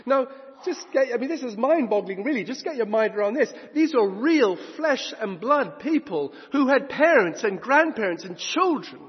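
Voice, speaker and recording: Animated preacher in an echoing church. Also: male voice, very high-pitched, moderate pace, breathy edge. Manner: emphatic, swinging between loud and hushed. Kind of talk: sermon. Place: church hall. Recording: dull recording in a long-reverb hall.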